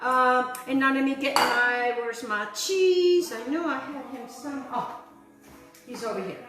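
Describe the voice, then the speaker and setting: A woman's voice: sits high, unhurried, a bit bright, reverberant, soft background music. A middle-aged woman hosting a home cooking show, chatty and enthusiastic, with many fillers and asides. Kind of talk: casual cooking demonstration. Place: home kitchen.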